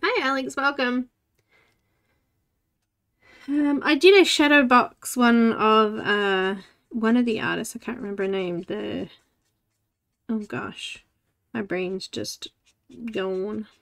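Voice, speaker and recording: Fortyish lady coloring live, slowish relaxed chat, bit high voice, says hi to viewers. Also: vocal fry. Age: 40s. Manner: chatty, talks to herself and greets viewers by name. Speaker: livestream host. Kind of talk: casual chat while coloring.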